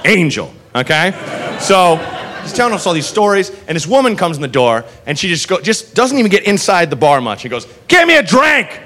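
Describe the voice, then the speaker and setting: Animated high-voiced male comedian on stage. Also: brisk. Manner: animated, profane, acts out characters. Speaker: stand-up comedian. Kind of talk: stand-up storytelling. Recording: live stage recording with crowd and noise.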